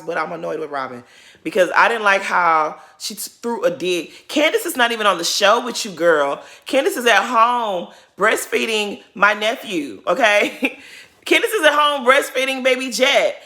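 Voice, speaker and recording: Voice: mid-range voice, creaky, sharp tone. Sassy reality TV commentator. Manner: sassy, talks straight at the cast. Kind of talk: casual reaction commentary.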